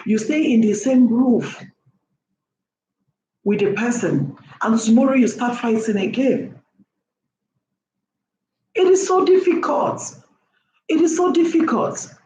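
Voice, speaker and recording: A woman's voice: a little high, dark tone, lo-fi sound. Woman, lecturing vlog monologue, rhetorical questions, echoey room, faint hum. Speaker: vlogger. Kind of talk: impassioned opinion monologue. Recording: roomy echo, faint background hum.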